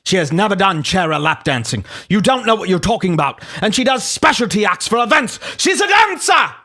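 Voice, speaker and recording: A man's voice: sits high, very animated, a little fast, voice pushed up, full character voice. A man reading a hot-headed British man's posts in a put-on British accent, furious and insulting. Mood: indignant. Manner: indignant, shouting insults.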